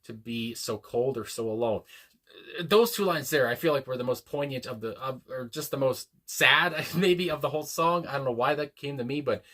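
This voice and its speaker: A man hosting a music reaction video, talking casually and reflectively with many pauses and fillers, reading lyrics aloud slowly. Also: mid-range voice, fairly bright tone. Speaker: music reaction channel host. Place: home room, a dog nearby.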